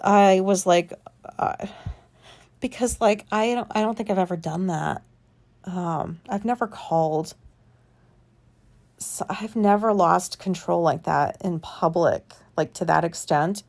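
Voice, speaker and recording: A woman's voice: lowish voice, unhurried, gravelly, a little mellow. A woman vlogger telling a personal story in casual, rambling talk, swearing freely and filling gaps with filler words. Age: adult.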